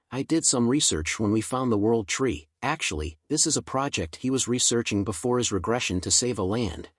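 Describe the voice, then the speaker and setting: A man's voice: mid-range voice, breathy edge, dry recording. Man, recap narrator, mid voice, dry close sound. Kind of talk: scripted story narration.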